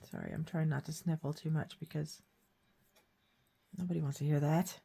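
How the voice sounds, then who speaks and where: A woman with a cold and a hoarse throat, chatting casually while she shows a painting craft. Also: low-pitched, steady tone, normal speed, mellow. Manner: chatty, rambling, self-deprecating. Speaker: craft vlogger. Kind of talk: casual painting tutorial chat.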